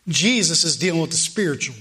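A man's voice: a little high, expressive, fast, sharp tone, slightly rough. A male preacher delivering a morning sermon, emphatic and repeating phrases for weight.

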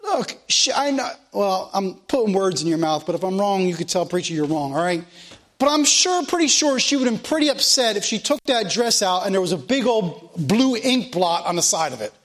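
High-voiced emphatic male preacher. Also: sing-song, moderate pace, fairly bright tone. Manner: emphatic, repetitive preaching with rhetorical questions. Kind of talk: sermon.

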